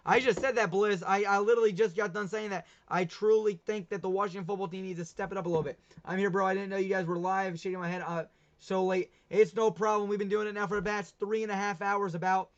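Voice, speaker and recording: A man's voice: high voice, fairly even intonation, quick pace, few pauses. A young man hosting a casual sports talk livestream, chatty and rambling, often laughing at himself. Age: young adult. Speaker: livestream host. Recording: dull lo-fi stream audio.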